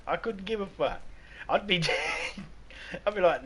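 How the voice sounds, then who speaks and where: A man's voice: sits high, expressive, moderate pace, fairly bright tone, breathy edge. A man with an Australian accent chatting casually on a live game stream, telling crude, profane jokes. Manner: crude, profane, joking banter. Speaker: gaming streamer. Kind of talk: casual livestream chat.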